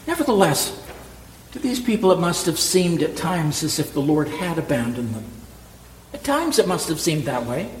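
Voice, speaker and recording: A man's voice: on the high side, very animated, normal speed, a little hiss or hum. A man preaching a sermon as pastor, emphatic, asking rhetorical questions and repeating key words. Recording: echoey hall with long reverb, faint ambience.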